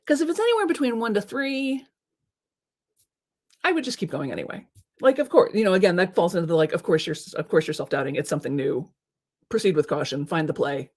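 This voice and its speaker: A woman host giving casual motivational advice in a chatty, lively way, full of filler words and small laughs. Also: fairly low pitch.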